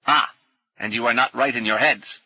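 A man's voice: medium pitch, steady tone, normal speed, bright, forceful tone, husky, dry recording, muffled recording, full character voice. A man voicing a confident male frog-like fisher creature with a faint quacking lilt. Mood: matter-of-fact.

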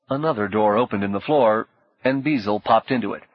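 A man reading audiobook narration in a measured, even storytelling manner. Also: on the low side, no room sound. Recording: dull lo-fi dry audio.

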